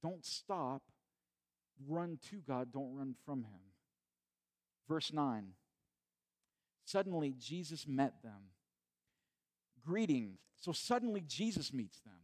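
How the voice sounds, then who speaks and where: A man preaching a sermon in a conversational way, retelling the scene with animated asides. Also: a little high. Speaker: pastor.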